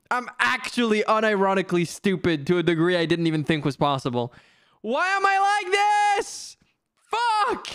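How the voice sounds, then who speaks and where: A young woman streamer with a very high, animated voice that swoops up and down. She drags out her words slowly while exasperatedly scolding herself, breaking into frustrated shouts. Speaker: VTuber streamer. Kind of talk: casual game streaming.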